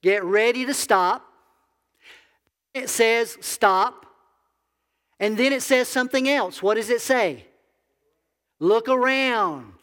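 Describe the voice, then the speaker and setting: A man's voice: high voice, fairly bright tone, in a large hall. A man, a biblical counselor, preaching a conversational sermon that asks the audience questions. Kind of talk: sermon to a congregation.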